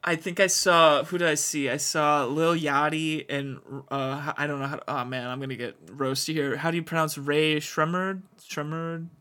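A man in casual chat, self-deprecating and quick with funny anecdotes and quoted voices. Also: fairly high pitch, fairly even intonation, bright, forceful tone, smooth.

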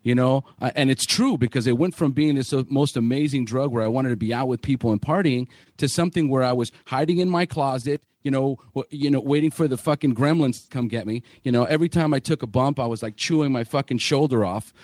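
Candid man telling a rough story. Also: mid-range voice, fast talker, few pauses, darkish tone, no room sound, studio quality. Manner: candid, swearing, many fillers and restarts. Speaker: podcast host. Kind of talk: casual podcast story.

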